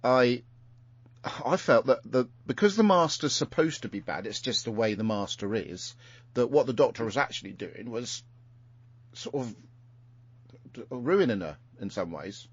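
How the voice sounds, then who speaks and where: A man's voice: medium pitch, lively intonation, unhurried, slightly rough. A man hosting a podcast, casually recapping an episode in a rambling way with lots of fillers and restarts. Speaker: podcast host. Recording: muffled lo-fi recording.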